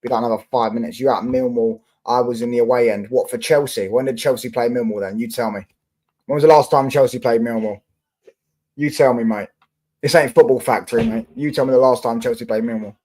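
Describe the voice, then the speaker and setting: Hosting a football livestream, a slangy London man chats casually with viewers, firing back at comments with swearing. His warm voice is medium-pitched and steady, moving fairly quickly.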